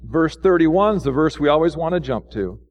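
A man's voice: expressive, moderate pace, dull audio. A pastor preaching a sermon with fervor, firing off rhetorical questions and lifting his voice when he urges his listeners on. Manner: fervent preaching with many rhetorical questions, pitch swinging up when exhorting.

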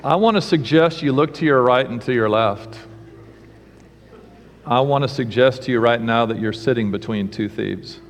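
A man's voice: medium pitch, normal speed, a little hiss or hum. A man preaching a sermon as pastor, telling a humorous story and then teaching, in a preacherly storytelling manner. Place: church sanctuary. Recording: church sanctuary with long reverb.

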